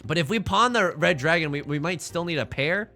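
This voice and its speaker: A man's voice: on the high side, expressive, fairly quick, bright, forceful tone, faint music behind. A man streaming a game live, rambling and joking with his chat between plays. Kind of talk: live-stream gameplay commentary.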